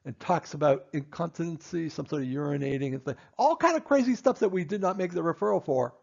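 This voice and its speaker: A man's voice: on the high side, animated, quick pace, gravelly, highs cut off. A man, a dentist, giving a stern training lecture to his assistants, emphatic and repeating his points.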